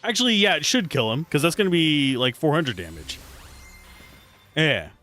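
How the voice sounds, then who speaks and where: A man's voice: fairly high pitch, moderate pace. Chatty guy streaming a game, bouncy voice, faint music under it. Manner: animated, chatty, jokey asides. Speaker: streamer playing a video game. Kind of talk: casual live-stream commentary.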